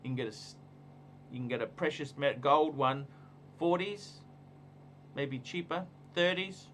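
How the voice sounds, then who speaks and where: A man's voice: medium pitch, a little slow, fairly bright tone, a little hiss or hum. A man hosting a casual livestream, giving emphatic, repetitive, ranting advice. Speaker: livestream host.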